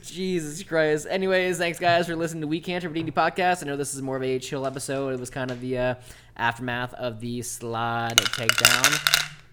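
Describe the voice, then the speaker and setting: A man's voice: a little high, little pitch movement, rapid-fire, hardly any pauses, noisy background. Man as dungeon master, loose and rambling, filler-heavy narration. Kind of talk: narrating a tabletop game.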